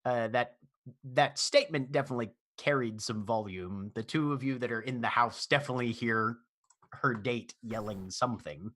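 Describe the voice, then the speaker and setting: A man's voice: medium pitch, normal speed, fairly bright tone. A man running a tabletop game as game master, narrating scenes and laughing often as he goes.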